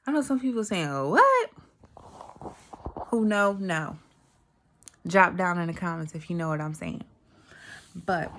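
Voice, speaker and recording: A woman with a fairly low voice tells a heartfelt personal faith story on her vlog. She talks in a chatty way, speaks straight to her viewers, and sometimes sinks into a whisper when the story gets tender. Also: vocal fry. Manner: emotional, heartfelt storytelling, drops to a whisper at times; chatty, addresses viewers directly. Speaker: vlogger.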